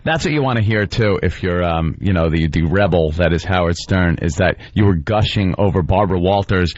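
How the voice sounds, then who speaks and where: A man's voice: low voice, brisk, no echo. A man co-hosting a radio show with wry, teasing asides. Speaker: radio co-host. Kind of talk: radio banter. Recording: dull radio broadcast audio.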